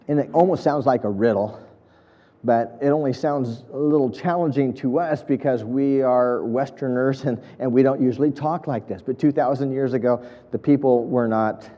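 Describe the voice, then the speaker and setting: A man's voice: mid-range voice, mellow, in a large hall, highs cut off. A man preaching an earnest, emphatic sermon, building points through repetition. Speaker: pastor.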